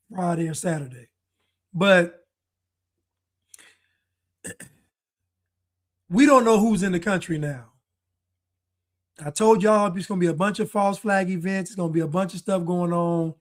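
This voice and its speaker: High-voiced man chatting on a livestream. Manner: chatty, musing, trails off and restarts. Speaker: livestream commentator. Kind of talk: casual live-stream commentary.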